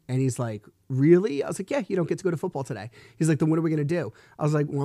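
A man talks through a solo podcast monologue, frustrated and swearing freely as he tells his story. His voice is mellow and relaxed in tone and sits at an ordinary pitch. The sound is dry and close, recorded while he lies in bed. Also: no room sound. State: sore back. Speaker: podcast host. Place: lying in bed at home.

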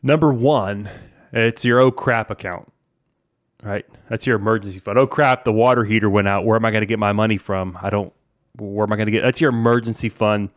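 Chatty man with a low, dry voice. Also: steady tone, brisk, no echo. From New Orleans. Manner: chatty, conversational, says "man" and "right?" often. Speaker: podcast host. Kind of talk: casual financial advice talk.

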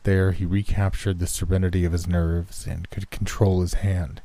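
Deep-voiced man narrating horror. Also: flat delivery, moderate pace, warm tone, no echo. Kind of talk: scripted narration.

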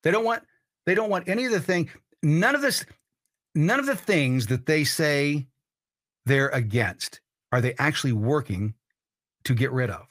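A man hosting a political commentary show, ranting in a heated, blunt and profane way. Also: medium pitch. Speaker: host.

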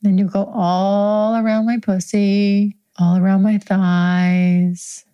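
A woman's voice: medium pitch, flat delivery, slow pace, few pauses, smooth, highs cut off. A woman host improvising an erotic story in the second person, intimate, frank and profane, lingering on her words. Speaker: podcast host.

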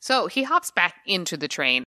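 Bright-voiced chatty woman, dry sound. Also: fairly low pitch, sing-song, no room sound. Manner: agreeable, chatty, quick to chime in. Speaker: podcast co-host. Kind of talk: casual movie recap chat.

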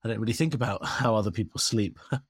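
A man's voice: fairly low pitch, quick pace, breathy edge, no echo, clean studio sound. A man, a comedian guest on a comedy podcast, teasing the others and laughing as he talks.

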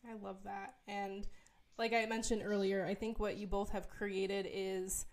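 A woman's voice: medium pitch, flat delivery, a little slow. Enthusiastic woman hosting an interview. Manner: enthusiastic, meandering questions. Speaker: interview host. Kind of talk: casual interview talk.

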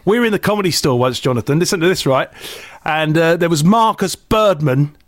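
Jokey high-voiced man. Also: expressive, fairly quick, no echo. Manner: jokey, puts on voices in anecdotes. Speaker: podcast co-host. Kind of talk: casual chat.

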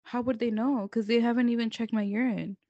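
A woman's voice: fairly high pitch, fairly even intonation, brisk, mellow, no room sound, dull audio. A young woman co-hosting a casual podcast chat, laughing often as she tells stories about her kids. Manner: laughs a lot while telling stories. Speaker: podcast co-host.

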